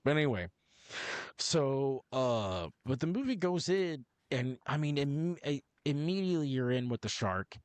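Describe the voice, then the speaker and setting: Man, podcast co-host, mid-pitch, profane, rambling, dry close sound. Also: lively intonation, normal speed, a little mellow, dry recording. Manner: profane, rambling, self-interrupting. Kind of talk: casual movie review chat.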